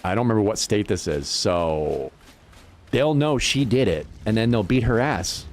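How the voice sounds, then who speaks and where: The man's voice is on the low side, animated and unhurried, with slight background noise. As a livestreamer in casual gaming chat, he tells loose, profane stories while laughing often.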